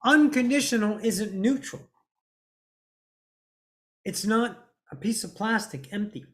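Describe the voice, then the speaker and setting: A woman giving a spiritual monologue, blunt and preachy, swearing freely and stretching out words for emphasis. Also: medium pitch. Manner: emphatic, drawn-out stresses. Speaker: spiritual teacher.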